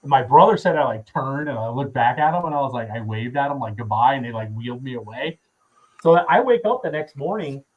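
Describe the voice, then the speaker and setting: Husky man telling a rambling story. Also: mid-range voice, expressive, brisk, phone-quality sound. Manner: profane, rambling with many fillers. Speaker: podcast guest. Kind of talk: casual storytelling.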